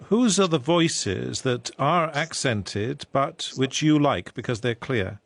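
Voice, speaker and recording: A man interviewing a guest on radio, asking brisk, leading questions. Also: mid-range voice, expressive, gravelly, no echo.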